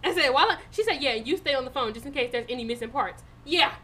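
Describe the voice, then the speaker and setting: A woman's voice: high voice, animated, fast talker, pushed and bright, faint music behind. A woman co-hosting a podcast, telling a story in a casual chat, with lots of laughter and swearing. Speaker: podcast co-host.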